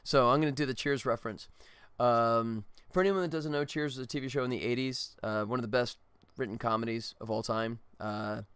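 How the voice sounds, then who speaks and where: A man's voice: medium pitch, fairly quick, few pauses, a bit bright, clear, resonant tone, no echo. A tired middle-aged man, a game developer, chatting casually and ramblingly on a livestream. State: exhausted.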